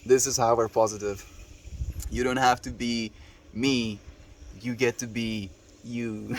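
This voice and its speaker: A man's voice: on the low side, level tone, takes it slowly. A man livestreaming, chatting with his viewers in an earnest, affectionate, reflective way. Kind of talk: casual chat with live viewers.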